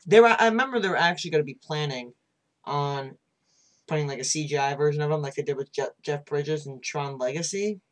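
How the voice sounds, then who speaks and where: A man's voice: on the high side, fairly quick. A man hosting a casual movie review, talking in a rambling way and restarting his sentences. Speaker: channel host, movie reviewer.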